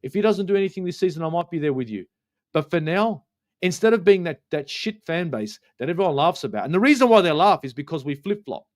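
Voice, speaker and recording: A man's voice: on the high side, very animated, fast talker. A man, ranting passionately about football on a live fan stream, swearing often and repeating his points for emphasis.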